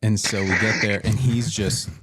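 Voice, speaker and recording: A man's voice: lowish voice, level tone, moderate pace, very noisy. A man who works in emergency response, a podcast guest telling a rambling, profane story in casual chat. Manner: rambling, profane, restarts sentences.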